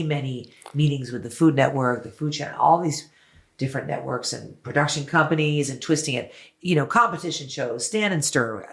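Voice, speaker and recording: A woman's voice: a bass voice, gravelly. An effusive woman singer chats as a guest on an interview show. She tells her stories with big enthusiasm and swears freely along the way. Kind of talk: casual interview chat.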